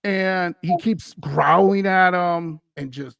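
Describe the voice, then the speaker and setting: A man from Wisconsin tells a ghost story casually, rambling with plenty of "uh"s and little chuckles. His voice is fairly high for a man and gravelly. The sound is dry and close. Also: slow pace, fairly bright tone, no room sound. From Wisconsin, USA. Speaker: guest, paranormal podcast host.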